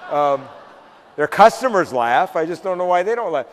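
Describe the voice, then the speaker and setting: Man from the northern US, anecdotal keynote speaker with dry wit; slightly high, echoing hall. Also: sing-song, normal speed, a little hiss or hum. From northern United States. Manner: anecdotal, acts out dialogue with dry humor. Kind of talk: storytelling keynote.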